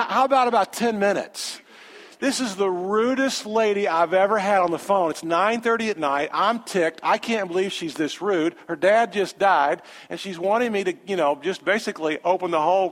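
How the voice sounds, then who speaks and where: A man, a pastor telling a story in a sermon with animated, conversational quoted dialogue. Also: high-pitched. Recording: long hall reverb.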